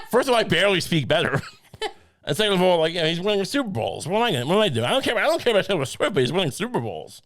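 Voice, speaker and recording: Male co-host, rambling jokey delivery, animated pitch, slightly high voice. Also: fast. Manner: rambling, joking, laughs through lines. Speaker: podcast co-host. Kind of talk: casual chat.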